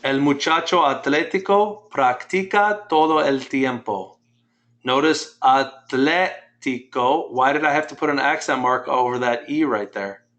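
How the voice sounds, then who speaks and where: A man's voice: medium pitch, normal speed, a bit bright. A man teaching a Spanish class, patiently explaining grammar step by step and quizzing his students.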